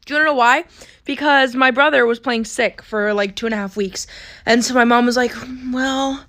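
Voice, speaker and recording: A woman's voice: on the high side, fairly even intonation, fairly quick, fairly bright tone. A young woman telling a personal story in a rambling, chatty way, straight to the camera. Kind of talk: casual storytime video.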